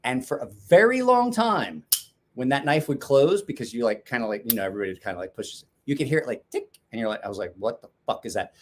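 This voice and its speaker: A man's voice: mid-range voice, expressive, quick pace. A man in his forties hosting a casual knife-sharpening chat show from his garage, rambling, swearing and laughing often. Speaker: knife sharpening podcast host. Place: home garage.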